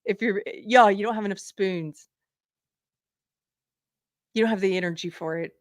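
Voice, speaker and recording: A woman's voice: medium pitch, moderate pace, no echo, clean studio sound. A woman hosting a live political commentary show, indignantly reading items off a list. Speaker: livestream show host.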